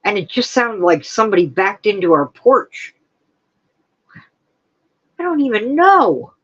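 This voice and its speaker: A woman's voice: medium pitch, sing-song, unhurried, highs cut off. A woman hosting a casual home livestream, chatting to viewers and breaking off to scold her dogs. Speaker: crochet livestream host. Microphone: camera on a tripod.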